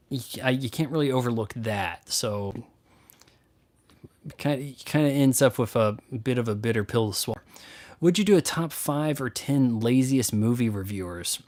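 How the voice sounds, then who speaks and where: Blunt sarcastic man ranting. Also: medium pitch. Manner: blunt, sarcastic, mocks others with put-on voices. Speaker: YouTube movie and game critic answering questions. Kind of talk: casual profane Q&A rant.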